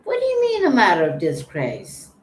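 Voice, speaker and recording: With huge pitch swings in her mid-range voice, the livestream host chats casually at normal speed, teasing viewers and greeting them by name. Faint ambient noise fills the echoey room.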